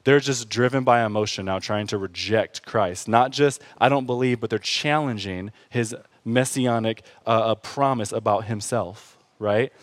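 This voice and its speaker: A man preaching a sermon in an animated, conversational way, often tossing in quick asides to the congregation. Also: lowish voice, no echo. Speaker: pastor.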